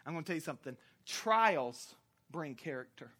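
Pastor, sermon delivery: bright and forceful, animated and jokey, shouts key points, lots of fillers. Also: mid-range voice, moderate pace. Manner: frequent "uh" fillers and self-corrections.

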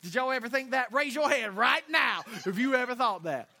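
A man's voice: extremely high pitch, animated, a little fast, pushed and bright. A man pastor from Florida with a Southern accent, preaching a sermon through humorous, folksy storytelling.

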